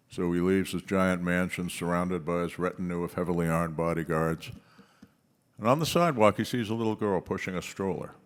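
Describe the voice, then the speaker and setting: A man giving a speech at a policy conference, telling stories with forceful, punchy emphasis and pauses. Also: low voice. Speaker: conference speaker.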